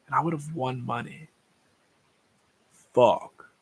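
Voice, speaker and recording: A man's voice: medium pitch, steady tone, slow, breathy edge. A young man hosting a casual livestream, rambling through tangents about sports bets and swearing freely. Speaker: livestream host.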